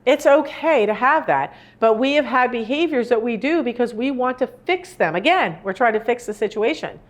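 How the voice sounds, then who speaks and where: A woman's voice: on the high side, lively intonation, normal speed. A woman in her sixties giving a live talk on grief, speaking in an earnest, rambling, conversational way. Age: 60s. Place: indoor room with a live audience.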